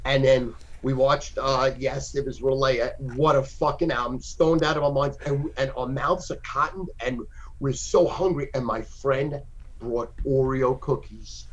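A man in his sixties talking as a guest over a phone call, boisterous and profane, with sudden loud outbursts. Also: mid-range voice, fairly even intonation, unhurried. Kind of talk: casual podcast chat.

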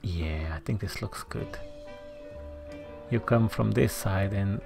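Gravelly slow-talking game commentator. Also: low-pitched, music in the background. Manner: thinking aloud while building, muttering to self. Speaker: gameplay commentator. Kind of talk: casual let's-play commentary.

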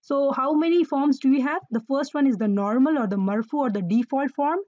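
Woman teacher, slightly high voice, mellow, dry close sound, dull lo-fi recording. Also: fairly quick, no echo. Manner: patient, repeats words for emphasis, quizzes listeners. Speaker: Arabic grammar teacher. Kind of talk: explaining Quranic Arabic grammar.

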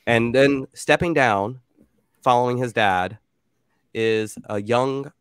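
Smooth-voiced man running a tabletop game. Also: medium pitch, takes it slowly, no room sound, clean studio sound. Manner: loose, rambling narration with fillers. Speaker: game master.

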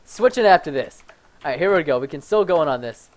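A young man giving excited, fast-reacting commentary while playing a video game with a friend, often shouting and laughing. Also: a little high. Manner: energetic, shouts and laughs during play. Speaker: gaming video host.

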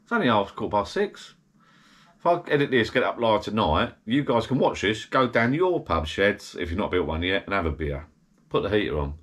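A man's voice: on the low side, very animated, a little fast, fairly bright tone, breathy edge. A middle-aged man, slightly tipsy, rambling chattily to camera from his small garden shed bar. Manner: rambling, chatty, self-interrupting. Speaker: vlogger. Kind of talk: casual rambling chat to camera.

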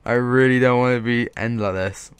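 A man's voice: mid-range voice, fairly even intonation, a little fast, clear, resonant tone, no echo. A man commentating as a gaming YouTuber, frustrated and swearing as he pleads with the game. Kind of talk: let's play commentary.

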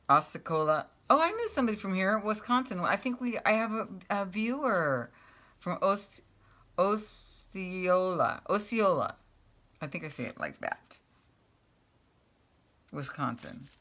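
A woman in her fifties chatting casually to camera as she opens fan mail, gushing and exclaiming over each item and reading them aloud as she goes. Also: sits low. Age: 50s. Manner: reads items aloud, thinking out loud. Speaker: craft vlogger opening fan mail.

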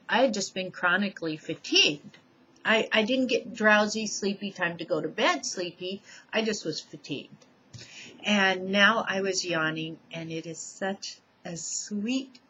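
A woman giving a personal testimonial at home, seated in a chair. She speaks deliberately and lists each change one by one. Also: mid-range voice, a bit bright. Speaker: person describing her own recovery. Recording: dull lo-fi home recording, faint noise.

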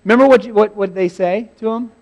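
A male pastor giving a sermon, telling a Bible story in a lively, humorous way. He laughs often and acts out scenes with sudden shouts. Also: high-pitched, quick pace.

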